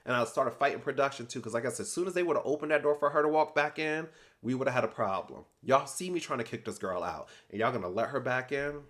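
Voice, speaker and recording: A young adult man recapping a reality TV episode in casual commentary, animated and sassy, acting out people's lines with slangy asides. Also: medium pitch, fast talker.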